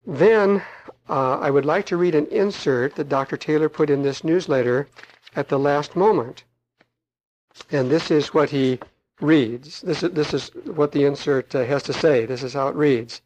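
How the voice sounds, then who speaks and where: A middle-aged man preaching on prophecy, reading aloud and commenting in a slow, emphatic way with frequent fillers. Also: a little high, darkish tone, slight background noise, rough recording.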